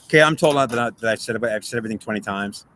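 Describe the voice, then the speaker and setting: A man's voice: on the low side, rapid-fire, bright, forceful tone, a little hiss or hum. A man delivering an emotional, pleading, repetitive monologue to the camera, agitated and upset. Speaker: vlogger.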